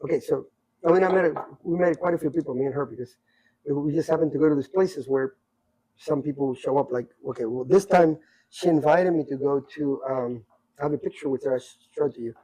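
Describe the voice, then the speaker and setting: Man, middle-aged, casual storytelling, husky, animated, stumbles and repeats words. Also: fairly high pitch, a little fast, poor audio. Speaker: guest telling life stories.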